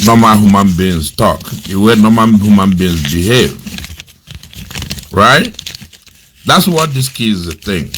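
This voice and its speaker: A middle-aged man from Nigeria giving critical commentary in an emphatic, repetitive manner, full of rhetorical questions. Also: on the low side. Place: lives in America.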